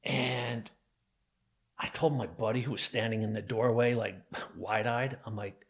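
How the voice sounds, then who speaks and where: A man's voice: medium pitch, fairly even intonation, measured pace, breathy edge. A middle-aged man from New Jersey, a podcast guest, telling a personal story in an intense, emphatic way. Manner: intense, emphatic, vivid retelling of a violent memory.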